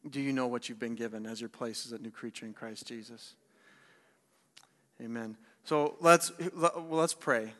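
Young man preaching in a ringing hall. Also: mid-range voice. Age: young adult. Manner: energetic, rhetorical questions, repeats words. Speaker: speaker at young adults service. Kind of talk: sermon. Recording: long hall reverb.

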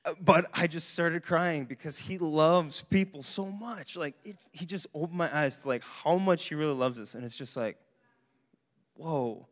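A young adult man giving a casual, animated sermon to a young adults service, with bursts of exclamation. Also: a little high, normal speed. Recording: long hall reverb.

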